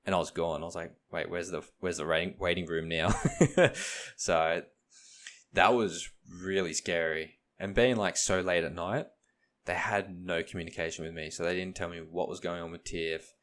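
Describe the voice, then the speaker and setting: A man's voice: sits low, steady tone, normal speed, a bit bright. A young man, co-hosting a casual podcast and retelling stories with acted-out quotes. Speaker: podcast co-host. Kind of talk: casual chat, storytelling.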